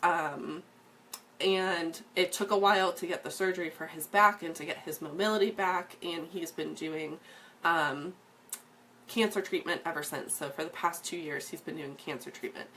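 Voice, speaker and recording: A woman's voice: on the low side, fairly even intonation, moderate pace, fairly bright tone, slight background noise. A woman in her thirties telling her personal story as a fitness coach, earnest and filled with ums and restarts. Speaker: fitness coach sharing a testimonial. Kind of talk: casual personal story to camera.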